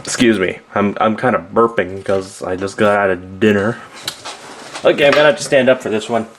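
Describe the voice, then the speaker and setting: A man reviews a toy casually and ramblingly, offhand and often correcting himself mid-sentence. His voice is on the low side, a little fast and a bit bright, with slight background noise.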